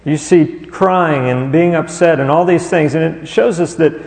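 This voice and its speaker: Male pastor, sermon delivery, fairly high gravelly voice, long church-hall reverb. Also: darkish tone. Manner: rhetorical questions, pauses on listed words.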